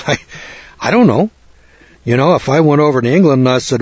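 A man's voice: medium pitch, a little fast, husky, no room sound, lo-fi sound. An older American man giving informal, rambling Bible teaching in a folksy manner with frequent restarts. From United States.

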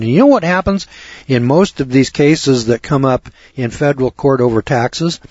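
A man's voice: medium pitch, normal speed, darkish tone, no echo. A man lecturing to students in a folksy way, piling up rhetorical questions and repeating them for effect. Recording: dull lo-fi recording.

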